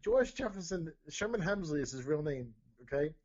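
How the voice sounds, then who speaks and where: A middle-aged man from Rhode Island chats loosely on a podcast, stumbling over words and asking "okay?" as he goes. His voice sits a little high, and the recording sounds dull and lo-fi. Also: lively intonation, moderate pace, a little mellow. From Rhode Island, USA. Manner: rambling, repeats words and says "okay?" often. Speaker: podcast host. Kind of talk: casual podcast chat. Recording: dull lo-fi audio.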